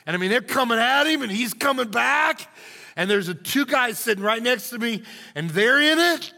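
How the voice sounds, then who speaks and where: A man pastor, telling an animated, joking story in a sermon. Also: very high voice, normal speed, gravelly, big-room sound. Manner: animated, jokey, acts out shouting crowds.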